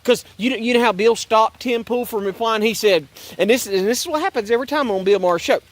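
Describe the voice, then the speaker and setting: High-voiced sarcastic man ranting. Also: a little fast. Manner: sarcastic, repetitive; rambling, stumbling restarts. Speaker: online commentator. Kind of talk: religious political rant.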